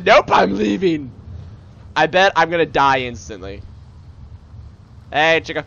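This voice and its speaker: A man's voice: a little high, lively intonation, a little slow, vocal fry, long pauses, dull audio, noisy background. A man giving casual, self-mocking commentary while playing a horror video game, laughing often. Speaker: let's player.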